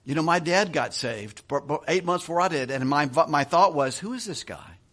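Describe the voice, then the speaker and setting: Middle-aged man preaching a conversational sermon, slightly high voice, chuckles, restarts his phrases. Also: brisk, a bit bright. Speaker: pastor.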